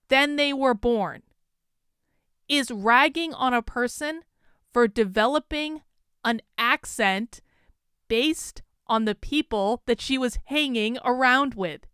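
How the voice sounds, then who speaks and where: A woman's voice: high-pitched, fairly bright tone, smooth, dry recording, studio quality. Indignant woman with a Vermont accent. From Vermont, USA. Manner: indignant, rapid and emphatic. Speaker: commentary YouTuber. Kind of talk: opinionated video commentary.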